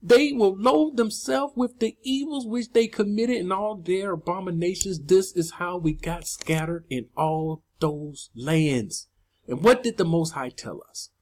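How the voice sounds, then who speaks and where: A woman's voice: fairly low pitch, a little slow, a little mellow. A woman preaching and teaching scripture, emphatic and repetitive, rising on key words.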